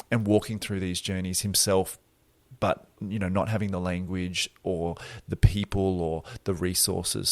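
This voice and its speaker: A man hosting a podcast, talking in a relaxed, reflective way and thinking aloud. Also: deep voice, no room sound. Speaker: podcast host. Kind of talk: casual conversational interview.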